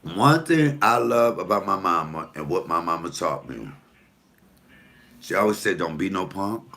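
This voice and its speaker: A man's voice: deep voice, lively intonation, unhurried, creaky, bright, forceful tone. A comedian talking casually to the camera, blunt, profane and preachy as he tells stories and gives advice.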